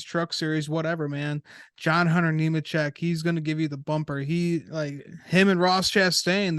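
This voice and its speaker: Smooth-voiced man in casual racing chat. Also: a little high, dry recording, clean studio sound. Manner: relaxed, swearing, laughing often. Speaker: podcast co-host.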